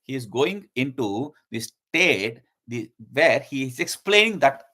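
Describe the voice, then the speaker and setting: A man's voice: mid-range voice, animated, a little slow, hardly any pauses, sharp tone. A man teaching a lesson and commenting on a scripture verse by verse, explaining at length with frequent fillers and repeated key terms.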